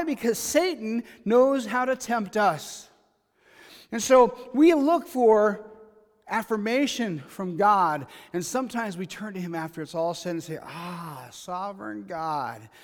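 A man preaching a sermon, reading scripture aloud and acting out the dialogue in a lively, conversational way. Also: extremely high pitch, unhurried. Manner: animated preaching, reads scripture aloud and acts out paraphrased dialogue. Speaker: pastor. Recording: long hall reverb.

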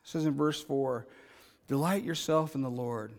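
A middle-aged man preaching a sermon, talking conversationally and building to loud, emphatic passages. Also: medium pitch, normal speed, gravelly. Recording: long reverb in a large hall.

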